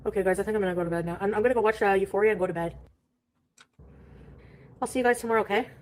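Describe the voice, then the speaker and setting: A woman's voice: mid-range voice, racing. A woman vlogging casually to the camera, rambling and giggling as she talks. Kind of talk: casual vlog chatter.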